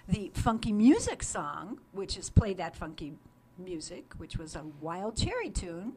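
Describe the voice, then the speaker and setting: A woman's voice: on the low side, big pitch swings, measured pace, darkish tone, husky. An older woman co-hosting a radio show in a studio, chatting casually and laughing often while sharing music trivia. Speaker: radio host. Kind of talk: casual on-air chat.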